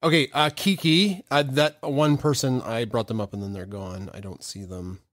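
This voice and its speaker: A man's voice: medium pitch, steady tone, moderate pace, fairly bright tone, dry recording, studio quality. A man hosting a casual live audio chat, rambling and joking as he goes. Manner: rambling, joking, self-interrupting. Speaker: host.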